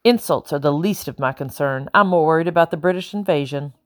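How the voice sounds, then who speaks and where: A stern revolutionary officer, read by a woman. He speaks bluntly and firmly, with a low voice. The recording sounds close and dry. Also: brisk, dry recording, natural voice.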